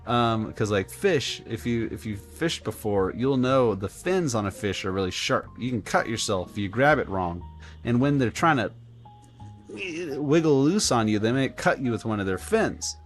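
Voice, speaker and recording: A man live-streaming a game, telling a rambling story in an animated, casual way with lots of filler words. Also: medium pitch, normal speed, soft background music. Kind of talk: live-stream gameplay chat.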